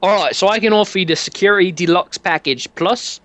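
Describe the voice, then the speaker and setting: A man's voice: high voice, fairly quick, fairly bright tone, no room sound, pitched above the performer's own voice. Man putting on a chummy British shopkeeper. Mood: chummy salesman. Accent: British, put on. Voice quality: calls everyone mate, stumbles over his words. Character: chummy male security-shop proprietor, salesman.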